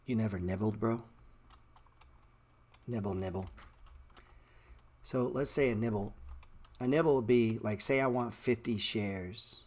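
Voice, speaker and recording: A man's voice: mid-range voice, normal speed, a little mellow. A man hosting a live stock-trading stream, answering chat in blunt, slangy street talk and calling viewers bro. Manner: repeats words playfully.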